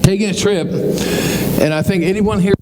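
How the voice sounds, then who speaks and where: Pastor guy telling funny stories in church, kinda high voice, noisy recording. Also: steady tone, unhurried, in a large hall. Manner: storytelling, jokey, acts out voices of others. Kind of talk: humorous sermon. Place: church sanctuary.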